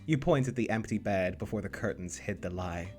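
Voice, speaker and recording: A man narrating a visual novel in the second person, steady with playful asides. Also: on the low side, brisk, faint music behind.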